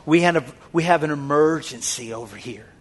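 A man preaching a sermon to his congregation, fervent and repetitive, dropping to a hush and then rising to loud shouted calls. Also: on the high side, brisk. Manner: swings from hushed, near-whispered lines to loud shouted exhortation. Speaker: pastor.

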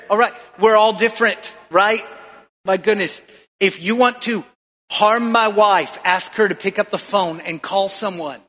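Male pastor, bright ringing voice, call-and-response sermon, echoey church hall. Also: high voice. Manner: preaching with call-and-response questions to the congregation.

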